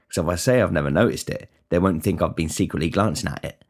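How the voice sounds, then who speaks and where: A man's voice: deep voice, lively intonation, fast talker. A man hosting a casual solo podcast, rambling and swearing with many restarts. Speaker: podcast host.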